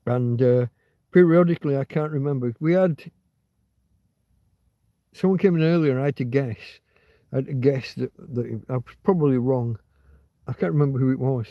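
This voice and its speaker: A man's voice: mid-range voice, normal speed, pauses often, dry recording. Guy rambling on his livestream, chatty and all over the place, muffled lo-fi audio. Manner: rambling, digressive storytelling. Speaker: livestream host. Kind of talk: rambling casual livestream chat. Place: outdoors in a field. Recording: dull lo-fi dry sound.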